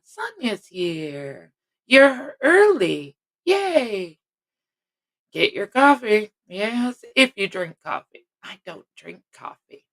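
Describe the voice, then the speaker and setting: A middle-aged woman hosts a casual live stream and greets viewers one by one. She talks at an unhurried pace and rambles, stopping and restarting her sentences as she chats. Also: a little high, fairly bright tone. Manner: chatty, rambling, self-interrupting.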